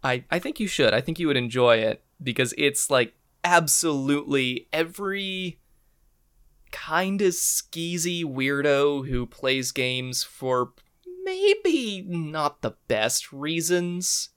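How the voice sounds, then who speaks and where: A man's voice: on the high side, very animated, takes it slowly, fairly bright tone, smooth. A young man co-hosting a podcast, chatting casually in a self-deprecating way into his microphone. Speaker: podcast co-host. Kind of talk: casual chat.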